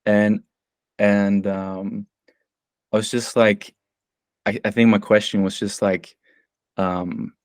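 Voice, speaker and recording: Slow, halting low-voiced man. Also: flat delivery, no echo. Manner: halting, searching for words. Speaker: class participant asking a question. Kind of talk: hesitant question in an online class.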